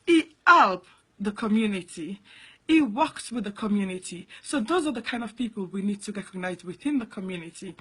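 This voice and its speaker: Woman from Africa, award founder, husky voice, earnest, emphatic, keeps repeating key points. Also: medium pitch. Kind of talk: talking to camera about her award.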